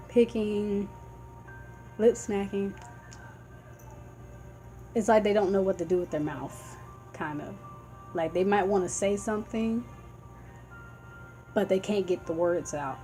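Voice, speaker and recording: A woman vlogger raising epilepsy awareness speaks at medium pitch with a dark tone, and the audio is poor. In a casual, earnest, heartfelt informative vlog, she rambles a little while explaining warning signs, with faint music behind her.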